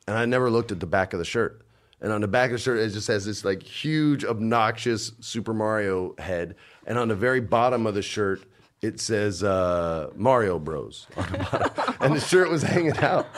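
A man in his forties telling casual stories in a relaxed, slangy, profane way, laughing often as he talks. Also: lowish voice. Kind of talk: casual storytelling chat.

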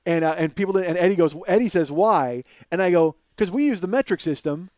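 A man telling a story as podcast host in an animated, profane, energetic way. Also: high voice, fairly quick.

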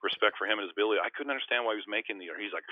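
A very low-pitched man tells self-deprecating stories in a loose, rambling way, often restarting his sentences. He is heard over a thin, phone-like line with a dry sound and no room echo. He comes across as a guest in a casual interview. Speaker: podcast guest, former basketball player.

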